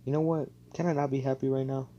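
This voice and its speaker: A haughty young noblewoman with a short fuse and a snippy tone, as a man puts her on. It sits clearly higher than the teller's own low voice. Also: level tone, fast, warm tone, lo-fi sound, slight background noise, close to an everyday voice. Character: haughty young royal woman, prickly temper.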